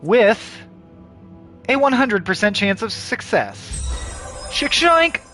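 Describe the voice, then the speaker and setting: Lively-voiced man joking through a game. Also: high-pitched, slow pace, faint music behind. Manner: jokey, self-mocking asides. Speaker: comedy podcast host playing a game. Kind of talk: playing a video game, reading text aloud.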